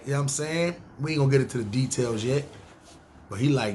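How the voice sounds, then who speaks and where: A man's voice: medium pitch, fast, darkish tone, a little hiss or hum. A man from Harlem, telling his life story in a rambling, slangy, profane way, addressing listeners directly. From Harlem, New York. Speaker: podcast storyteller. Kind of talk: casual storytelling podcast.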